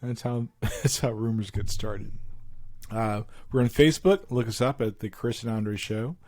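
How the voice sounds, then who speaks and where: A man's voice: fairly low pitch, moderate pace, a little mellow. A man co-hosting a podcast in casual chat, laughing often as he retells stories with animation. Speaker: podcast co-host.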